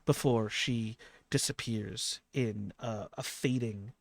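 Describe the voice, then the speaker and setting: A man narrating a tabletop game as game master, halting with many fillers. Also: lowish voice, dry recording.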